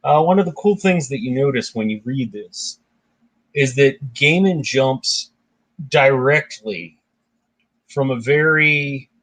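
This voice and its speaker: The recording is rough, and the man's medium-pitched, fairly bright voice moves slowly. Hosting a casual book discussion, he reads passages aloud and offers conversational comments and chatty asides.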